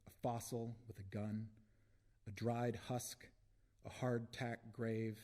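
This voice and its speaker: A man reading his own poems aloud at a live book launch, with deliberate phrasing and long pauses between lines. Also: mid-range voice, little pitch movement, mellow. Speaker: poet reading his work.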